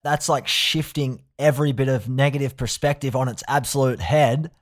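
A man hosting an interview, asking reflective questions in a gentle way. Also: mid-range voice, moderate pace. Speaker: host.

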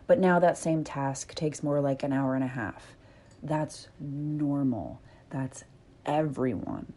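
A woman in her thirties hosting a podcast, speaking candidly in a reflective solo monologue, swearing freely and gently coaching her listeners. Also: deep voice. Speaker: podcast host.

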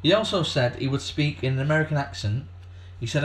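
A man's voice: fairly high pitch, fast, few pauses. A man co-hosting a casual comedy podcast, rambling through facts with lots of fillers and swearing. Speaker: podcast co-host.

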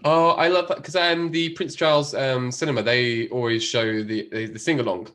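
A man's voice: mid-range voice, steady tone, normal speed, fairly bright tone. A man hosting a podcast in casual chat, chatty and laughing often. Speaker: podcast host.

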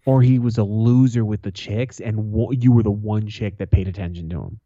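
A man's voice: on the low side, fairly even intonation, moderate pace, mellow, no room sound. A man in his thirties co-hosting a podcast, telling profane stories in casual banter and laughing often. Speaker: podcast co-host. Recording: dull lo-fi, dry.

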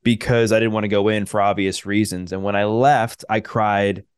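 A man's voice: on the low side, steady tone, moderate pace, clean tone, no echo, studio quality. A man, a personal trainer, telling his life story as a podcast guest, earnest and full of fillers like "um" and "like". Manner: earnest, many fillers and restarts.

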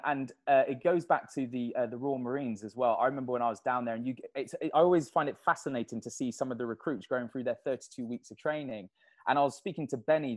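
A man being interviewed on a podcast, telling stories in an animated, casual way and laughing often. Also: medium pitch. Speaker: podcast guest, endurance athlete.

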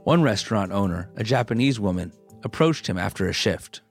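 A man hosting a documentary-style podcast, narrating in a measured, clear way and interviewing a guest. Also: fairly low pitch, lively intonation, faint music behind.

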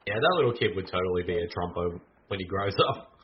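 A man's voice: low-pitched, quick pace, a little hiss or hum. A man casually mocking a film as he watches it, crude and laughing a lot. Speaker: movie commentary host. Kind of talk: casual riffing over a film. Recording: dull lo-fi with film music behind.

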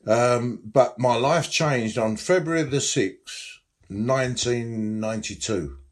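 A man's voice: mid-range voice, slow. A middle-aged man, a former nightclub security boss, telling his story in an interview with frank, rambling restarts.

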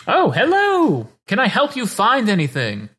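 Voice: mid-range voice, huge pitch swings, measured pace, a bit bright, husky, voice pushed up, exaggerated voice. A player voicing an eccentric, cheerful male shopkeeper who speaks in formal, genteel sales talk.

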